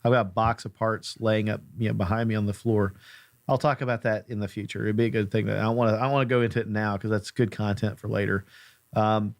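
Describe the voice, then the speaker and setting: A man's voice: fairly low pitch, flat delivery, fast, no echo. A man hosting a podcast, chatty and joking in a self-deprecating way. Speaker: podcast host. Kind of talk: casual podcast chat.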